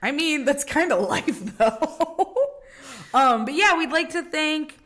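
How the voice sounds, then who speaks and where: A woman's voice: high-pitched, expressive, slow, a bit bright. A young woman co-hosting a podcast, telling rambling stories in casual chat, swearing and laughing often. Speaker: podcast co-host.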